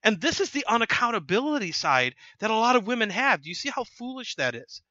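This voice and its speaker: A man with a high, very lively voice delivers an opinion commentary in an emphatic, preachy way, often stumbling and restarting. His tone is sharp and bright, the sound close and dry. The recording is slightly dull and lo-fi. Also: brisk, dry recording. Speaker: host.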